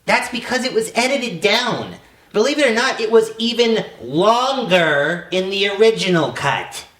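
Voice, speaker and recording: A woman co-hosting a film review with brisk, wry remarks. Her pitch moves in a lively way. The room adds an echo. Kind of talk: scripted review commentary.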